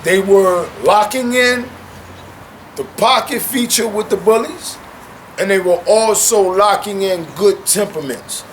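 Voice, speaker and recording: Animated slang-heavy man, high voice. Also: unhurried, slight background noise. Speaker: guest. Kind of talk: casual chat. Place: at home among his dogs.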